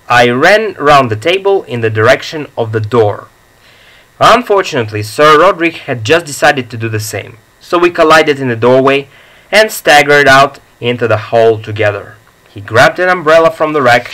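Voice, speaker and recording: A man narrating a comic story as an audiobook in a measured, deliberate reading. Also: a little high, animated, sharp tone, low-quality recording.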